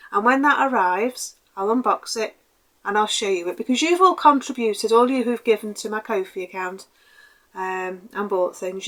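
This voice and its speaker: A middle-aged woman, chatting casually to camera as a crafting vlogger in a rambling, grateful way. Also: mid-range voice. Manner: chatty and rambling, self-described waffly; warm and grateful.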